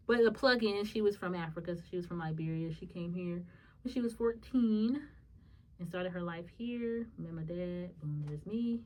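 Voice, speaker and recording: A woman hosting a solo podcast, telling a personal story in a casual, emotional way, talking to her listeners as y'all and swinging between soft musing and sudden high, excited bursts. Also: moderate pace, distant mic. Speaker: podcast host.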